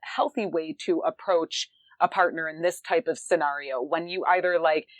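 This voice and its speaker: A woman's voice: low voice, fairly even intonation, moderate pace, no room sound. A woman podcast host asking questions in a loose, rambling way, full of "like" and "you know". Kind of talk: casual interview chat.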